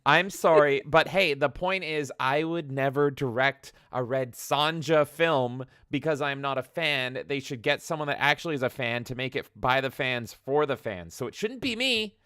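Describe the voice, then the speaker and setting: Male gaming podcast host, excitable and profane, bright crisp voice, dry close sound. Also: medium pitch, no echo. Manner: excitable, swears, rapid exclamations. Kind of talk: energetic casual chat.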